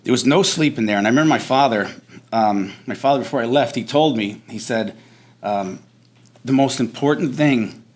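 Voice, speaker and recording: A veteran man giving a storytelling speech at a breakfast event, animated and conversational, mixing quick and slow phrasing. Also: mid-range voice. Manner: animated storyteller, acts out shouted drill instructor lines. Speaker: veteran speaker. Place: banquet hall at a veterans breakfast.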